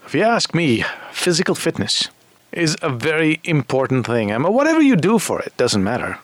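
A man's voice: on the high side, very animated, a little fast, no room sound. A man hosting a casual radio talk show, chatty and teasing, often laughing.

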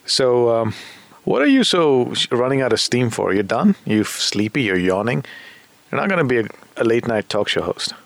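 A man's voice: mid-range voice, big pitch swings, normal speed, gravelly, dry recording. A man hosting a late-night radio chat show, teasing his co-host playfully and mixing with Hindi.

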